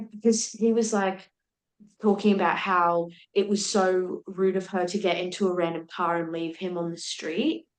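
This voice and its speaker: A young adult woman, a podcast guest animatedly retelling a personal story, acting out what people said. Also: fairly low pitch. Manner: animated retelling with laughs and quoted speech. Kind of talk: candid storytelling in conversation. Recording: roomy echo.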